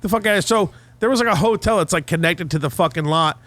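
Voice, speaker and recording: A young man co-hosting a podcast, telling a profane, animated story in casual chat. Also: fairly high pitch, fairly quick, no echo. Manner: profane, animated retelling with heated quoted outbursts. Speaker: podcast co-host.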